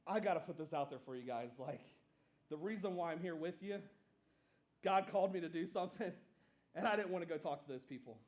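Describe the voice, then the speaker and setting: A man's voice: fairly high pitch, fairly quick, darkish tone, pitched below the performer's own voice, close to an everyday voice. A pastor voicing a runaway prophet who sheepishly admits he is fleeing, in a sermon retelling.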